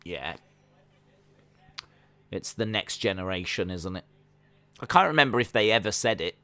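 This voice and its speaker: A man hosting a casual live watch-along stream, calling the action and answering chat questions, sometimes jumping into high-pitched disbelief. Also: moderate pace, no echo. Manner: breaks into high-pitched disbelief when excited. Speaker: live stream reaction host.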